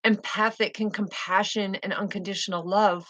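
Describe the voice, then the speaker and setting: A woman's voice: medium pitch, steady tone, normal speed, fairly bright tone, no room sound. Woman spiritual vlogger, intense self-assured testimony, dry close sound, mid-range voice. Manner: fervent and insistent, repeats key phrases; blunt, swears now and then. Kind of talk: emphatic spiritual monologue.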